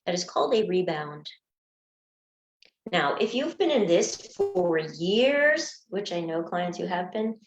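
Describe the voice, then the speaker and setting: A woman's voice: medium pitch, a little mellow. Earnest woman coach in echoey room. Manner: earnest, acts out examples in small voices. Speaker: anxiety coach. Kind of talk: teaching talk on breakup recovery. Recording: echoey room, dull lo-fi sound.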